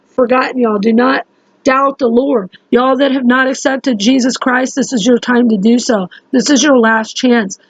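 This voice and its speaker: Woman vlogger, rambling and urgent, higher voice, dry lo-fi phone sound. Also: no room sound. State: sleep-deprived. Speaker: religious vlogger. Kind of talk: casual monologue to camera.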